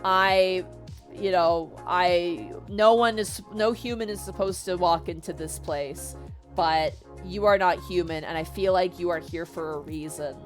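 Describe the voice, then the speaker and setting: A woman doing a hushed old record-keeper. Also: unhurried, faint music behind, close to an everyday voice. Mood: solemn. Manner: low, hushed, solemn. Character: solemn elderly male human record-keeper.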